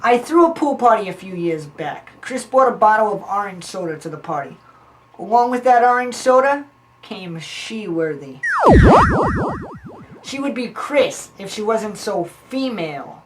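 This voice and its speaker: A scheming informant, played by a woman, in a middle-pitched voice. She rambles through long stories in a deadpan manner. There is a faint hiss in the background. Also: a little slow, close to an everyday voice. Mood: rambling. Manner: long-winded, deadpan storytelling.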